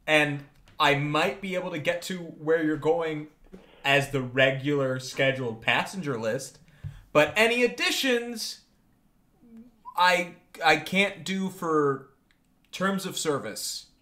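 Guy playing a nervous bus driver, stammery, going on about rules, kinda high. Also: expressive, slow pace, pushed and bright, full character voice. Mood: insistent. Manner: hesitant, apologetic. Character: reluctant male bus driver, rule-bound.

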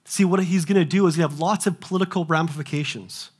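A young adult man preaching a sermon as pastor, animated, asking rhetorical questions and acting out the voices he quotes. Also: a little high, fast, breathy edge.

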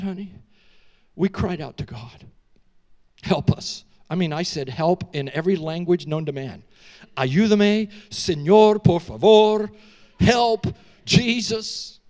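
A middle-aged man preaching in a church, telling a dramatic story with animated delivery, frequent restarts and questions to the audience. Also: sits high. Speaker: guest preacher. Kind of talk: storytelling sermon. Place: church sanctuary.

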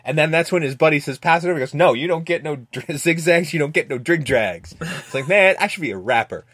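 A man hosting a podcast, casually recapping a movie with lots of swearing and quick acted-out lines. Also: a little high, animated, a bit bright, dry recording, clean studio sound. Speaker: podcast host.

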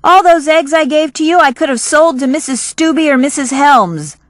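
A woman's voice: high voice, animated, normal speed, no echo, studio quality, voice pushed up. A woman reading the lines of an earnest teenage girl who speaks in a raised, emphatic way. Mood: hurt.

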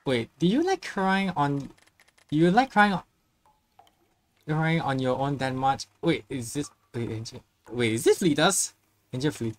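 A woman's voice: low voice, lively intonation, a little slow. A woman streaming a horror game, reacting with nervous exclamations and muttered curses. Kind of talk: casual gameplay commentary.

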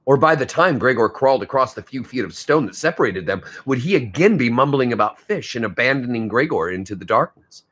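A man's voice: medium pitch, animated, fairly quick, few pauses, a bit bright, husky. A male teacher reading a novel aloud to his class, stopping now and then to comment on the story.

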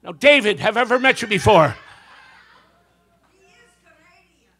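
A man's voice: high-pitched, animated, moderate pace, sharp tone, husky. A man performing stand-up comedy and magic on stage, telling jokes with punchy timing and brief character voices.

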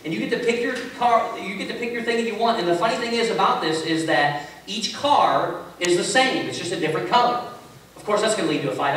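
A man preaching a sermon as a pastor, telling stories in a relaxed, conversational way with self-mocking humor. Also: high voice, fast talker. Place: large echoey church sanctuary. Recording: echoey hall from far off with faint hiss.

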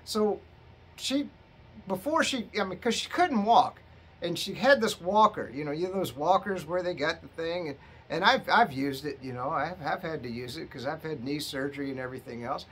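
A man's voice: on the high side, animated, normal speed, fairly bright tone, breathy edge. A middle-aged man, a bit tipsy from drinking, telling a rambling, profane story to his viewers. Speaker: vlogger. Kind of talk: rambling casual monologue.

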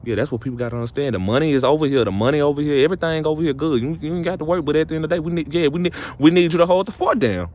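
A man's voice: fairly high pitch, racing, few pauses, darkish tone. A young man, giving casual motivational relationship advice to camera in a preachy, repetitive way that climbs to emphatic peaks. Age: young adult.

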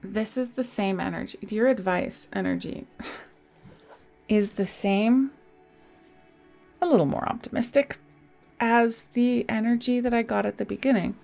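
Slow, gravelly-voiced woman tarot reader. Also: a little high, faint music behind. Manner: slow, soft and reassuring, with sighs and small laughs. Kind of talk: casual tarot reading. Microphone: desk microphone.

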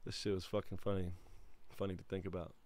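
A man hosting a casual call-in livestream, talking in a relaxed, rambling way and laughing easily. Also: deep voice, fast, no room sound. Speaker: livestream host.

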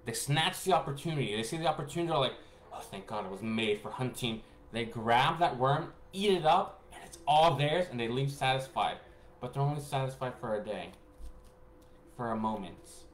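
A man telling a rambling personal story to his viewers. He laughs often and swings between hushed asides and excited bursts. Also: mid-range voice, a little fast. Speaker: spiritual reader and vlogger. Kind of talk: casual rambling storytelling to camera. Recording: echoey room with faint background noise.

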